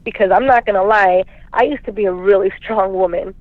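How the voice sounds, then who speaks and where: A woman's voice: medium pitch, fairly even intonation, a little fast, dry recording. Caller, woman, rambling and emotional, heard over a thin dry phone line. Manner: rambling, quotes both sides of arguments. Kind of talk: emotional call-in confession.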